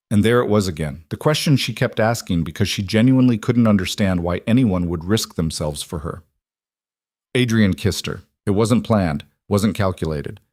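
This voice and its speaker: A man doing scripted narration of a dramatic story in an even, measured manner. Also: fairly low pitch, no room sound, clean studio sound.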